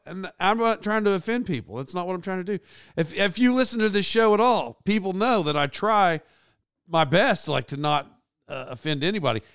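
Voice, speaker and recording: A middle-aged man hosting a podcast, telling a rambling story in an animated way and often correcting himself. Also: fairly high pitch, clean tone, no room sound, studio quality. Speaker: podcast host. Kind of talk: casual storytelling.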